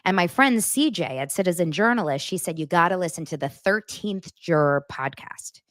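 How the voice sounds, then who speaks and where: A woman hosting a casual commentary show, talking in an animated, rambling way full of asides and the odd swear word. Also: lowish voice, normal speed, dry recording, studio quality. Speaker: host.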